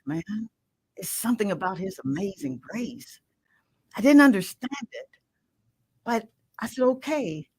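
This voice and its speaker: A woman's voice: mid-range voice, no room sound, low-quality recording. Impassioned middle-aged woman testifying. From Mississippi. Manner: impassioned, swings from loud emphatic to hushed. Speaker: guest, radio show host. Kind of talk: emotional personal testimony.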